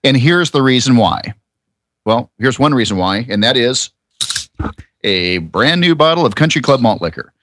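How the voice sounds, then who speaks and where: A man on a podcast panel telling a rambling, profane story in a casual, animated way. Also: medium pitch, normal speed, no echo. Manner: animated, swearing, storytelling with quoted voices.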